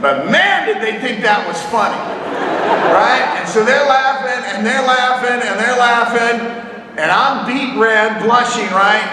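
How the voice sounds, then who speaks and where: A man's voice: very high voice, animated, a little slow, crowd noise. A man giving a storytelling keynote speech at a convention, tagging his points with rhetorical questions. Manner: anecdotal, with rhetorical "right?" tags. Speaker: convention speaker. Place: large convention hall. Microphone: far from the recording mic. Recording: echoey hall, distant mic, background noise.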